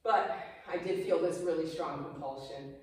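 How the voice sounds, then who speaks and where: A woman in her fifties tells a personal story to a small audience in a clubhouse room, chatty and emotional, slipping into the voices of the people she quotes. Her voice sits a little low. The mic is set back from her, so the room adds heavy echo and a faint hiss. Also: moderate pace. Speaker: speaker giving a presentation. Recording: echoey room, mic far off.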